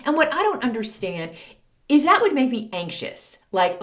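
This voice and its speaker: A woman's voice: on the low side, sing-song, normal speed, fairly bright tone. Snarky, emphatic middle-aged woman host. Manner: snarky, emphatic, repeats lines for effect. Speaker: podcast host giving advice. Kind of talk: casual advice monologue.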